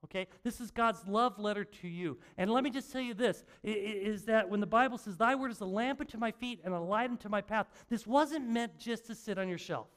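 An older male pastor with a high voice preaches in a church. He talks like he is chatting with friends, pokes fun at himself, and trips over his words as he restarts sentences. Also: a little fast, few pauses, fairly bright tone. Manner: conversational, self-mocking storytelling with frequent restarts. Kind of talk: sermon. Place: church sanctuary.

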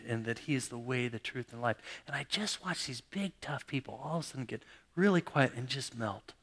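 A middle-aged male pastor preaching a sermon, telling stories dramatically, jumping from loud exclamations to hushed, almost whispered lines. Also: mid-range voice.

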